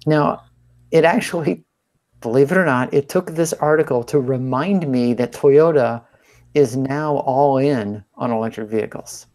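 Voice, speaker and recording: A man co-hosting a podcast, presenting a news story in relaxed, casual chat with fillers. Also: medium pitch, measured pace. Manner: relaxed, easygoing, many fillers. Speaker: podcast co-host.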